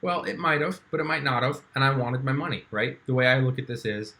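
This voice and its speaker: A young stock trading YouTuber talks fast in a medium-pitched, bright, forceful voice. In a casual screen-share, he walks through his trades in a chatty way, with frequent fillers and restarts.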